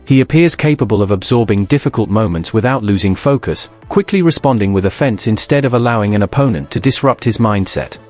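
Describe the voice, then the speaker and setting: A man reading formal, scripted sports narration in an even, measured manner. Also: lowish voice, faint music behind.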